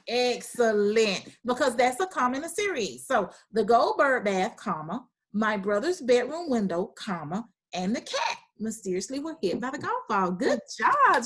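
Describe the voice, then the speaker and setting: A woman's voice: a little high, very animated. A woman teacher running an online class over a video call, encouraging students and praising their answers often. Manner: reads sentences aloud slowly.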